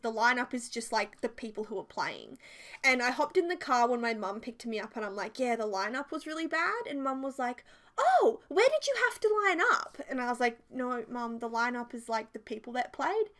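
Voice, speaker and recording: A Sims speed-build vlogger, a woman in her twenties with an Australian accent, tells a funny personal story in a casual storytime while she builds. Her voice is a little high and fairly bright. She's chatty and rambling, laughs readily, and packs her sentences with "like."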